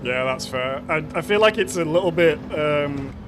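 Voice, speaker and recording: A man's voice: fairly high pitch, lively intonation, normal speed, noisy background. A man casually commenting on a racing game live stream, chatting with viewers and greeting them by name.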